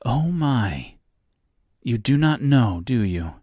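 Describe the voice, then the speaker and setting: A man's voice: mid-range voice, very animated, slow pace, mellow, breathy edge, dry recording, clean studio sound, full character voice. A man voicing a boastful, lonely male storyteller who plays host with grand, theatrical airs, for an audiobook reading.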